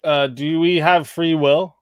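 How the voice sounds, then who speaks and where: Casting: male stream host, smooth resonant voice, dry close mic, casual moderator. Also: fairly high pitch, steady tone, unhurried, no room sound. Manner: casual, says bro a lot.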